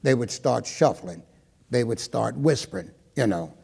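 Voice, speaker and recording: A man's voice: medium pitch, lively intonation, a little slow, creaky, dark tone, husky, long reverb tail. An older man from Maryland, an interviewee recounting his personal history, who tells his story and often acts out the dialogue he remembers.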